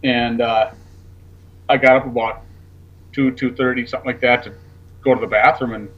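A man with a husky, somewhat rough voice tells a story in loose, rambling fashion, now and then swearing. He plays out each back-and-forth himself, and the recording sounds dull and lo-fi. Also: medium pitch, fairly even intonation, normal speed. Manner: rambling, acts out quoted dialogue, swears casually. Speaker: guest. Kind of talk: casual storytelling on a talk show.

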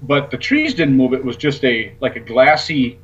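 Husky-voiced man telling a rambling story. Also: medium pitch, sing-song, normal speed, lo-fi sound. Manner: rambling, acts out quoted dialogue, swears casually. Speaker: guest. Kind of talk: casual storytelling on a talk show.

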